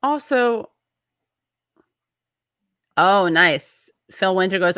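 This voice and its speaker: A woman's voice: mid-range voice, lively intonation, drawn-out words, pauses often, fairly bright tone, no echo, clean studio sound. A woman hosting a casual show, chatting loosely, breaking off mid-thought and reading out viewer comments. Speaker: show host.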